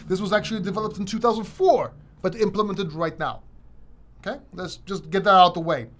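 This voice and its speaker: A man's voice: high-pitched, brisk, a bit bright, slight background noise. A man hosting a livestream question-and-answer session, talking casually and rambling with frequent restarts. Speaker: crypto channel host.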